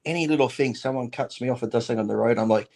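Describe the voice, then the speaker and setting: A man's voice: mid-range voice, very fast, creaky, darkish tone. A man in his fifties with an Australian accent, telling rambling stories on a casual talk show, swearing and laughing through them. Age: 50s. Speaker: bodybuilder guest on a talk show. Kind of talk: casual storytelling.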